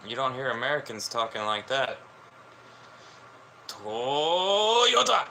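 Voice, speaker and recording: A man's voice: lowish voice, moderate pace, sharp tone, a little hiss or hum, poor audio. A man rambling through crude, joking late-night commentary as a streamer.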